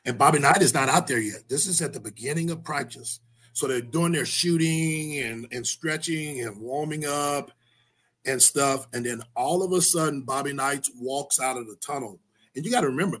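A man's voice: mid-range voice, a bit bright, husky. A man, a basketball coach guest, telling a story in a rambling, folksy way. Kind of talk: casual chat.

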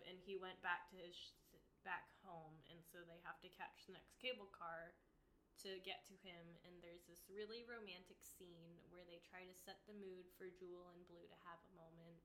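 Bright-voiced woman recapping a movie. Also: on the low side, a little hiss or hum. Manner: chatty, jokey, fact-checking asides. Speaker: podcast co-host. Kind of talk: casual movie recap chat.

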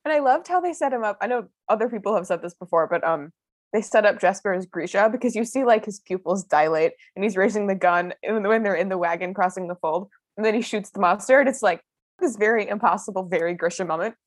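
A woman's voice: medium pitch, quick pace, no echo. A woman in casual fan discussion, eagerly recounting a favorite scene.

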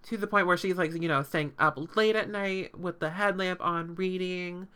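A woman's voice: on the low side, steady tone, moderate pace, a bit bright, smooth. A woman hosting a podcast, recapping a show in casual, sarcastic chat full of fillers and swearing.

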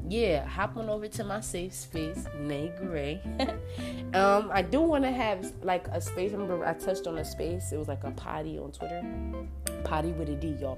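A woman from New Jersey hosting her own podcast in a casual, animated monologue, swearing freely and calling her listeners y'all. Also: fairly low pitch. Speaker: podcast host. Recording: music playing under voice.

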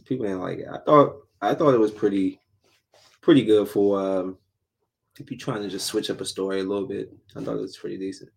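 A man's voice: lowish voice, fairly quick, gravelly. A man in a casual vlog, bluntly reviewing a show, rambling and repeating himself for emphasis. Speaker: vlogger reviewing shows. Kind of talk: casual chat.

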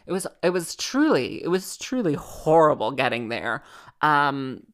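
A woman's voice: low-pitched, big pitch swings, unhurried. A woman, a musician telling a rambling comic story, full of fillers and exasperation.

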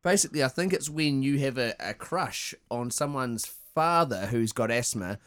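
A man's voice: medium pitch, moderate pace, clear, resonant tone. A Scottish man co-hosting a comedy podcast, rambling and swearing as he builds his answers. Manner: animated, swearing, rambling storytelling. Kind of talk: casual comedy podcast chat.

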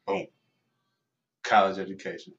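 A man's voice: low-pitched, level tone, unhurried. A man in his twenties, a podcast guest, talking in laid-back slang and joking around. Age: 20s. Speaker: guest, basketball player. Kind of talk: casual chat. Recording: dull lo-fi podcast audio.

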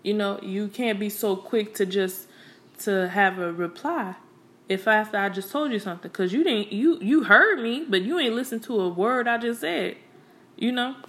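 A woman's voice: medium pitch, normal speed, fairly bright tone. Blunt young woman speaking her mind. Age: young adult. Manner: candid, blunt, and streetwise, with frequent profanity; conversational, with many fillers like "you know" and "like". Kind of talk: casual opinion monologue.

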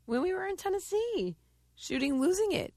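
A woman's voice: very high voice, sing-song, normal speed, dark tone, dry recording. A woman co-hosting a talk show in a casual chat, teasing and sarcastic, with dry humor, who also talks about fitness. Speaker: podcast co-host, fitness trainer.

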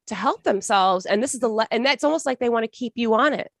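A woman's voice: on the high side, quick pace, no room sound, clean studio sound. A young woman being interviewed as a podcast guest, telling her story in an earnest, emotional, rambling way with many restarts.

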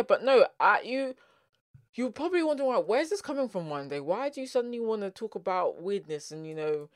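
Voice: mid-range voice, no echo. Chatty South London vlogger, dry sound. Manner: chatty and animated, laughs often, rambling asides. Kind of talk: casual vlog monologue.

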